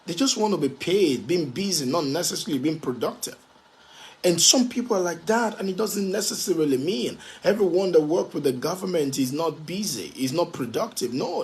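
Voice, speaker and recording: A man's voice, pitched a little higher than most men's, delivering a motivational talk with emphatic force. He drives his points home by repeating key phrases again and again. Now and then he slows to spell a word out letter by letter. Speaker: motivational speaker.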